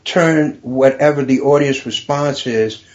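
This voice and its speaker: A man guest on a casual podcast, telling stories and jokes and laughing loudly at his own punchlines. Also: mid-range voice, unhurried, highs cut off. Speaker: comedian guest.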